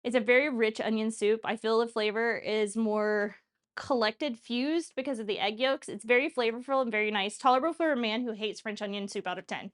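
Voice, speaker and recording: A woman in her thirties hosts a cooking livestream, speaking fairly quickly in a fairly high voice. She chats casually, rambles, and laughs often.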